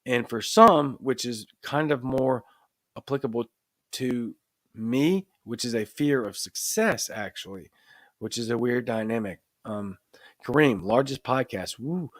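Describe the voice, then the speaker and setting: A man's voice: medium pitch, expressive, measured pace, dry recording. A man with a Cajun accent hosting a live show, talking casually to viewers and reading their comments, earnest and emphatic, often restarting his phrases. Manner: earnest, repeats himself, restarts phrases, builds to emphatic points. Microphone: desk microphone in front of camera.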